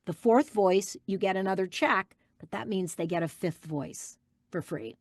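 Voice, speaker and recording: A woman's voice: mid-range voice, moderate pace, dry recording, clean studio sound. A woman guest voice actress giving an emphatic interview answer, insisting on her point and repeating key phrases.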